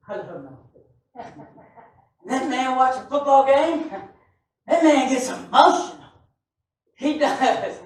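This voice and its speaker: A man preaching a sermon, telling stories with laughter and bursting into shouts. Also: extremely high pitch, measured pace, long pauses. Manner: animated, often shouting, laughing storyteller. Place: church sanctuary. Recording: echoey church from far off.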